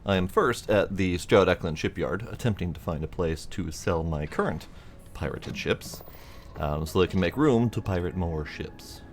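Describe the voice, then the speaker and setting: Low-voiced man doing playful game commentary. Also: normal speed. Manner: playful, rambling, thinks aloud with fillers. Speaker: gaming video host. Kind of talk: casual let's-play commentary.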